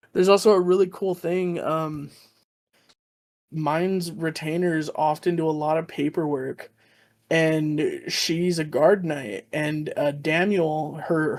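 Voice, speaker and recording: An animated podcast host telling anime scenes in casual chat. This host laughs a lot and slips into acted-out lines, with a voice at an everyday pitch. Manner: animated storyteller, laughs often, acts out scenes.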